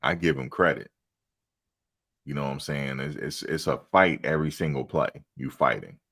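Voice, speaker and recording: A man's voice: a bass voice, normal speed, vocal fry, fairly bright tone, husky. A middle-aged man hosting a fan live stream in a laid-back, chatty way, telling stories and laughing often. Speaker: fan channel host. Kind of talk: casual live-stream chat.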